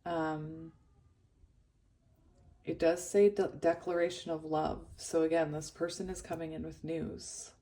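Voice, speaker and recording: A woman giving a pick-a-card tarot reading, emotional and hesitant, shaky and close to tears, with many pauses and ums. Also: low-pitched, flat delivery, dark tone. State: shaky and tearful. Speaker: tarot reader.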